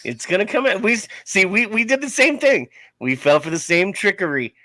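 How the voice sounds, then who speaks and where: A man co-hosting a casual sports podcast with a gravelly voice, chiming in with teasing jokes. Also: sits high, expressive, brisk, pushed and bright, no echo, clean studio sound. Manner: joking, teasing interjections. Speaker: podcast co-host.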